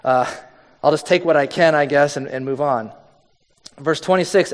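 A man preaches in a loose, conversational style, reading scripture aloud and acting out the lines. His voice sits high for a man, and it rings with a long hall reverb. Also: moderate pace. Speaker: pastor.

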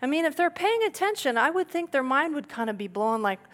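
Her voice high-pitched and brisk, a woman pastor preaches lively and conversationally, drawing the congregation in with rhetorical questions.

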